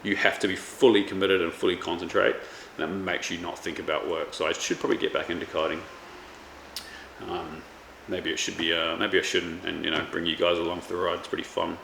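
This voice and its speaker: A man's voice: low-pitched, flat delivery, fairly quick, vocal fry, bright, forceful tone. A man in his thirties, a chef chatting casually in a rambling way, full of ums and restarts. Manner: rambling, many fillers and restarts. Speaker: chef and vlogger. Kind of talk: casual chat. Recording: echoey room with faint background noise.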